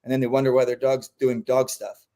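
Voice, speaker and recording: A man who trains dogs, talking through training tips in a relaxed, animated way and acting out the quotes he gives. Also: mid-range voice, brisk. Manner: animated, acts out quotes in voices. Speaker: dog trainer. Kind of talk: casual explanatory chat.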